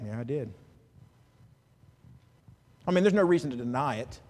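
Male pastor, sermon, animated, loud-to-hushed swings, chuckling asides, long hall reverb. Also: medium pitch, normal speed.

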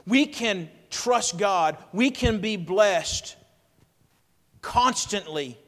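A man, a pastor preaching a sermon with emphatic swings between loud and quiet. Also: high voice, animated, drawn-out words. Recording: long reverb of a hall.

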